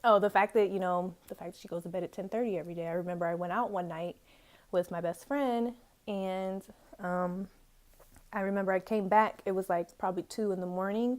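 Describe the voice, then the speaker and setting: A woman's voice: mid-range voice, steady tone, brisk, darkish tone. A woman in her twenties telling a casual story at home, chatty and filled with "like" and "um", into a camera's built-in mic. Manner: chatty, peppered with "like" and "um". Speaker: vlogger.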